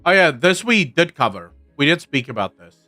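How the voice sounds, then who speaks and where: A man's voice: fairly high pitch, sing-song, normal speed, sharp tone, no echo, faint music behind. A man chatting casually on a livestream, answering his chat, rambling and opinionated with frequent restarts.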